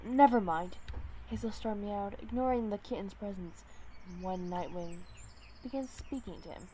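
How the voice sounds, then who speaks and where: A woman's voice: medium pitch, normal speed, warm tone, a little hiss or hum. A woman narrating a fan-made animal story in a hesitant way, correcting herself as she goes.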